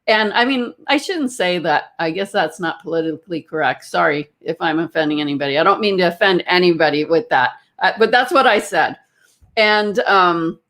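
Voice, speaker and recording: A woman's voice: medium pitch, a bit bright. A woman energy healer telling a personal story to a group in a casual, rambling way, with many fillers and restarts.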